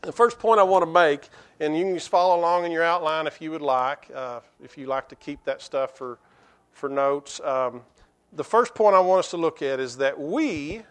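High-pitched man preaching. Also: a bit bright. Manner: halting, with frequent restarts and fillers; slows to a measured pace when reading scripture aloud. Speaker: pastor. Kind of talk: sermon.

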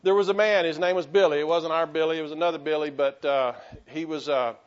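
A man's voice: on the high side, fairly even intonation, fast talker, highs cut off. A man, a pastor delivering an impassioned sermon full of restarts and calls to the congregation. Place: church sanctuary.

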